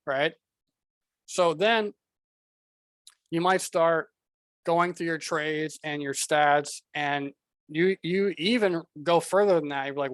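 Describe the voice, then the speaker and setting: Blunt, fairly high-voiced male trading coach. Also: a little slow, no echo. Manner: blunt, repetitive, talks straight to the viewer. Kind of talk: casual slideshow talk.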